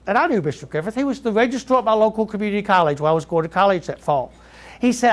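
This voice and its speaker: Man with a Georgia accent, high voice, middle-aged, keynote speaker, lively storyteller. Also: quick pace. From Southeast Georgia, US. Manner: lively storyteller who quizzes the audience. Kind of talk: keynote speech to educators.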